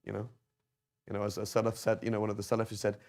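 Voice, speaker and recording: A man's voice: on the low side, monotone, racing, a little mellow. A man teaching an informal Arabic class, talking conversationally and tossing rhetorical questions at his students.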